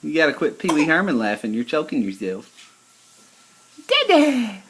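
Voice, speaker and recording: A man's voice: fairly high pitch, lively intonation, fast talker, background noise. A young father filming his baby son at home on a handheld camera, coaxing him with playful, repetitive baby talk. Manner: playful sing-song baby talk, coaxing and repeating words. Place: home indoors.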